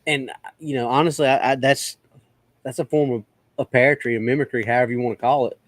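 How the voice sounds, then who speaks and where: A man's voice: mid-range voice, steady tone, fast talker, no echo. A man on a casual podcast, repeating words as he thinks aloud.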